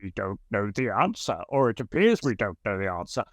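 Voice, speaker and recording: A man voicing a forceful male spirit guide who speaks through a medium, slow and commanding. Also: fairly low pitch, sing-song, dry recording, clean studio sound, voice pushed down. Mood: solemn.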